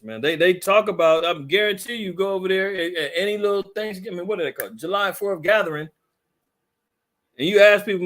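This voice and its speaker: A man's voice: fairly high pitch, fairly bright tone. A man leading a conversational Bible teaching, fiery and mocking in a preachy way.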